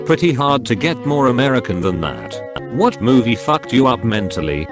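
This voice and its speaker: A man's voice: mid-range voice, very animated, moderate pace. A computer-generated male voice reading short forum posts aloud one after another, in an evenly paced synthetic delivery. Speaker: text-to-speech narrator. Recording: clear music bed behind the voice. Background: background music.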